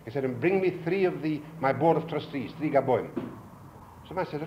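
An older man lecturing to an audience, telling a folk tale with lively character voices, on an old 1950s lecture recording. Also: fast, highs cut off, a little hiss or hum. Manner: animated storyteller, voicing characters with rising pitch. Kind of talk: storytelling lecture. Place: lecture hall.

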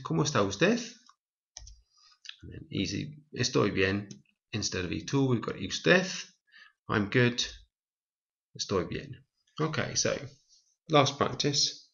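A man teaching a Spanish lesson, reading example lines slowly and explaining each step clearly. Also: mid-range voice, expressive, a bit bright, dull audio. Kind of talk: recorded language lesson.

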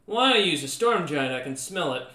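A man voicing a gruff male storm giant who questions people curtly and dismissively, in a tabletop game. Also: a little high, big pitch swings, fairly quick, bright, forceful tone, echoey room. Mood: brusque.

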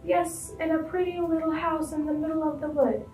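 A woman plays a sweet little girl in a red hood, asking everything in a high, soft, childlike voice. The storybook reading sits in an echoey room with faint music behind. The tone is mellow. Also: fairly even intonation, normal speed, recorded from a distance, lightly acted. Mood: innocent.

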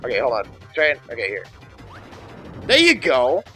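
A man's voice: medium pitch, normal speed, faint music behind. A young man co-hosting a game playthrough, cheering, swearing and heckling in casual banter. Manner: excitable, profane, cheering and heckling. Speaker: co-host watching a playthrough. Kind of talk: casual let's-play banter.

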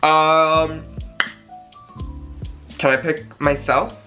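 A man's voice: fairly high pitch, flat delivery, dull audio, music in the background. A young man reading out fan messages in a gushing, dramatic casual chat. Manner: gushing, dramatic, quick gasps and sighs.

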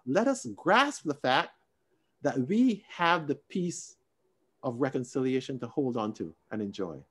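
Over a video call, a man with a medium-pitched, slightly rough voice teaches a Sunday school Bible lesson a little slowly. He shifts expressively from emphatic, raised stress to quiet asides.

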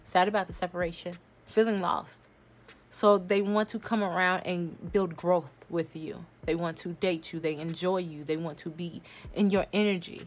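A woman giving a casual tarot reading at home, talking bluntly and forcefully, swearing freely as she addresses viewers directly. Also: fairly low pitch. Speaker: tarot reader. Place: home room.

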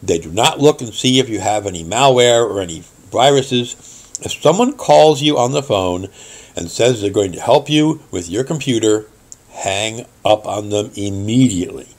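A middle-aged man with a slightly husky voice rants to camera as a tech help host. He tells his story in a wry, indignant way and turns to earnest warnings for viewers. His pitch swings widely as he talks. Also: animated, normal speed, darkish tone. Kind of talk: ranting vlog monologue.

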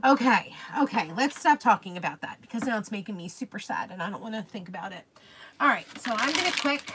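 A woman's voice: on the high side, background noise. A young woman hosting a casual craft livestream, gushing and chatting with viewers by name. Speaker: craft live-stream host.

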